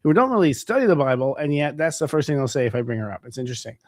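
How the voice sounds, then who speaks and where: A man hosting a casual spiritual interview, talking quickly and chattily with many filler words. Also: mid-range voice, expressive, no room sound, studio quality. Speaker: host. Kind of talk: conversational interview.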